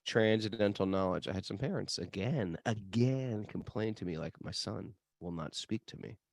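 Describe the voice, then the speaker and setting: Man, podcast host, low pitch, casual and playful, many restarts, dry. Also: normal speed, vocal fry, darkish tone, no room sound.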